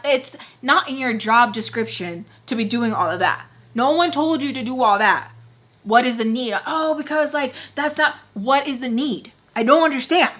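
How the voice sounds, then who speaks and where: Young female vlogger, bright higher voice, heated casual storytime rant. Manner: heated, ranting, swears freely, fillers of "like". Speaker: beauty vlogger telling a story.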